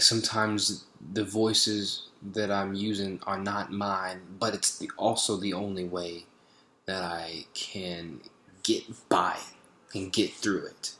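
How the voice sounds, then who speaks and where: A man with a low voice thinks aloud in a video diary. He hesitates, restarts and fills pauses with ums as he talks. The room around him rings with echo. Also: sharp tone, a little hiss or hum. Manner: hesitant, many fillers and restarts. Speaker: vlogger practicing accents. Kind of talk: reflective spoken video diary.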